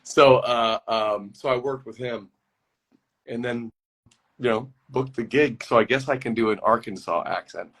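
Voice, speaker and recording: Interviewed over a video call as a guest actor, a medium-pitched man speaks a little slowly. He laughs easily and tells rambling, animated stories in a casual conversation.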